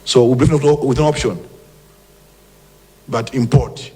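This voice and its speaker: A man's voice: medium pitch, fairly even intonation, takes it slowly, a little mellow. Emphatic Malawian man at a press briefing. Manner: emphatic and combative, with mocking mimicry. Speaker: government minister giving a press briefing. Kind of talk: press briefing, mixing English and Chichewa.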